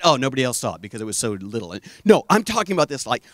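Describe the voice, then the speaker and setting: A middle-aged man preaching a conversational sermon, telling stories earnestly and dropping to a hush for emphasis. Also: mid-range voice, big pitch swings, quick pace, few pauses, no room sound, studio quality. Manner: addresses the audience as "guys".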